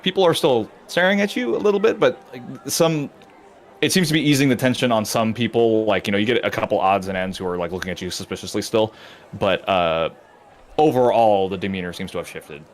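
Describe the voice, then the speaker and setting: A low-voiced man running a tabletop game as game master. He describes the scene in a loose, halting way, filling pauses with "uh" and "like" and stopping to correct himself. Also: expressive. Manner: halting, full of uh and like, self-correcting.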